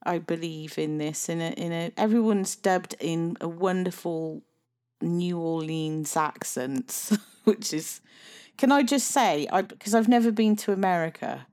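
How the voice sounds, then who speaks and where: A woman talks films with her co-host in a loose, chatty way. She laughs often and trails off mid-thought, with an animated, excitable delivery. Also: fairly low pitch, measured pace, clear, resonant tone. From Southwest England. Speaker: podcast co-host. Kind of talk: casual film chat.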